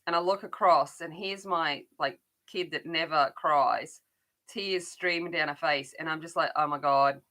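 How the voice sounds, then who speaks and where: A woman's voice: low voice, a little slow, bright, forceful tone. A middle-aged woman chatting casually while colouring, rambling along with frequent restarts. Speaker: adult colouring channel host.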